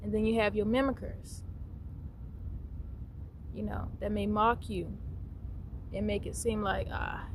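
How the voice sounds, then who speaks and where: A woman giving an unscripted spiritual monologue, meandering and repeating words, with soft laughs here and there. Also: mid-range voice, steady tone, unhurried, pauses often, slight background noise, low-quality recording. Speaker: spiritual teacher.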